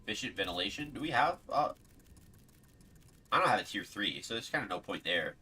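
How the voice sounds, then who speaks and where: Game streamer chatting live, pitch jumping all over, bright tone, jokey and fed up. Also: fairly quick, slight background noise. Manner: animated, playfully exasperated, laughs often. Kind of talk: casual live gameplay commentary.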